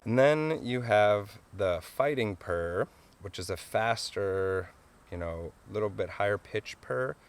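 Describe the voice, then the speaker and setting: A man with a fairly low voice walks listeners through a hands-on calling tutorial. His explanations are relaxed and homespun, and small chuckles break in often. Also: takes it slowly. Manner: easygoing, chuckles often, plain folksy explanations. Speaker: wildlife calling instructor.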